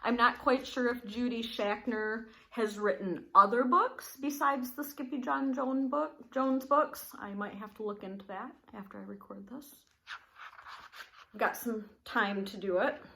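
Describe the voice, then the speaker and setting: Slow, gentle woman reading a picture book. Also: on the high side, gravelly. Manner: slow, gentle, addressing young listeners. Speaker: teacher reading aloud. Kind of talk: storybook read-aloud.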